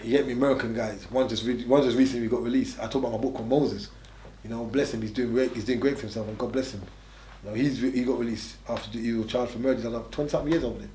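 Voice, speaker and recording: Fast-talking slang man. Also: mid-range voice, fairly even intonation, mellow, slight background noise. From England. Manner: fast, streetwise, repetitive emphatic phrasing. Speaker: interview guest. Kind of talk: casual conversational storytelling. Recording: echoey room.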